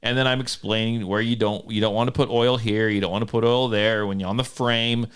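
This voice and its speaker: A man's voice: fairly low pitch, steady tone, a little fast, a bit bright, smooth. A man hosting a casual podcast, telling a story with frequent laughter and self-mocking humor. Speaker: podcast host. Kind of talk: casual chat. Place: home studio.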